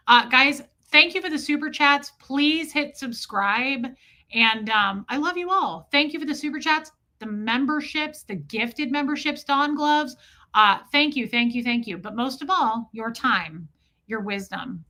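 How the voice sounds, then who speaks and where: A woman's voice: mid-range voice, sharp tone. A woman hosting a casual livestream, chatting loosely and reading out viewers' names and comments. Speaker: livestream host. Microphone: streaming setup mic.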